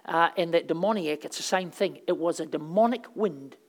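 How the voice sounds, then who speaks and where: A woman preacher telling stories through her sermon in a loose, rambling way. She talks casually, with plenty of fillers. Her voice swings from loud bursts down to quiet asides. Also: lowish voice, moderate pace. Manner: conversational, rambling storytelling with fillers; animated, swings between loud and soft.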